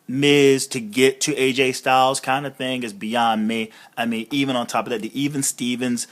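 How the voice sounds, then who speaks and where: A man's voice: mid-range voice, a bit bright. A man hosting a casual review podcast, rambling with fillers and swearing. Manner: rambling, profane, many fillers. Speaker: podcast host. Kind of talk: casual wrestling review chat.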